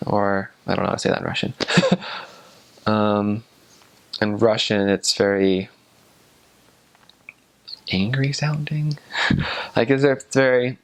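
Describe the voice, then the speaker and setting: A young man talks loosely to the camera in a rambling way, hedging often as he explains. His voice sits a little low and has plenty of gravelly vocal fry. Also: lively intonation, slow, long pauses. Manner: loose, rambling talk full of hedges. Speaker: returned missionary.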